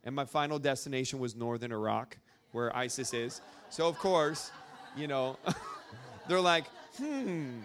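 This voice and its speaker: A man's voice: medium pitch, lively intonation, measured pace, a bit bright, slight background noise. A young man from Arkansas speaking informally to a live audience, rambling through a story with lots of fillers. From Arkansas, USA. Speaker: speaker at a church gathering.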